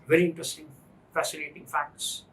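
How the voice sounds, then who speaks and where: On a low-quality recording, a man with an Indian English accent teaches finance in class, his fairly high, fairly bright voice brisk and flat. He stresses ideas emphatically, circling back to repeat them and posing rhetorical questions.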